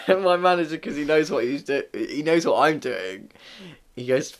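A man's voice: a little high, lively intonation, moderate pace. A young man from England chats casually, telling a story full of swearing. He slips in and out of changed voices to play the people in it. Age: young adult. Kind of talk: casual chat.

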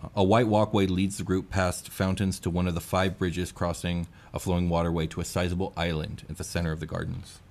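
Deep-voiced man narrating as game master. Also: little pitch movement, fairly quick, few pauses, a little mellow. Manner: descriptive narration with fillers.

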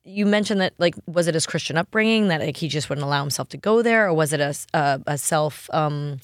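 A woman hosts a casual podcast interview, eager and chatty, laughing easily and padding her questions with fillers. Her voice sits on the low side for a woman. The recording is dry and close. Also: expressive, fairly quick, dry recording. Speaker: podcast host.

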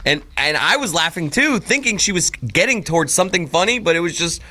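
A man's voice: a little high, expressive, brisk, pushed and bright. A man co-hosting a casual entertainment chat, talking conversationally and chuckling along. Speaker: co-host.

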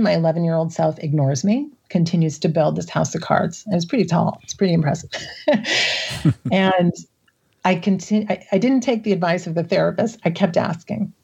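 A middle-aged woman from the Midwest telling a personal story as an interview guest, emotional and laughing often between halting restarts. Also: lowish voice, gravelly, mellow, husky, highs cut off. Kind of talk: recounting a personal experience in an interview.

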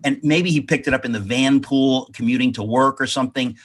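A man's voice: mid-range voice, steady tone, brisk, slight background noise. A man, an author being interviewed, telling a rambling family anecdote with many self-corrections. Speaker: author guest. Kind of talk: storytelling in an interview.

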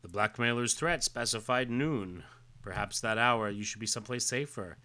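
Relaxed man reading a comic aloud. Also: medium pitch, moderate pace. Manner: relaxed, hesitant with fillers, reads quotes plainly. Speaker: podcast co-host.

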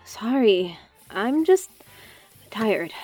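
A woman's voice: medium pitch, very animated, very slow, dark tone, soft background music, exaggerated voice. An actress playing an exhausted young woman in an audio drama, talking in a weary, sighing, sulky way. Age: young adult. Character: exhausted eldest daughter, young adult.

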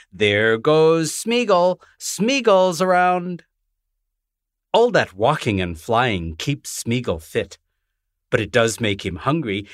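A man, the author, reading his rhyming children's book aloud in a gentle, lilting way. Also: mid-range voice, no echo, studio quality.

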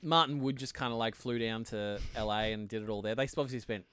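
A man's voice: fairly low pitch, fast, fairly bright tone, clean tone, no room sound. A man co-hosting a podcast, chatting casually about a TV show, laughing often and restarting his sentences. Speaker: podcast co-host. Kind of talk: casual chat.

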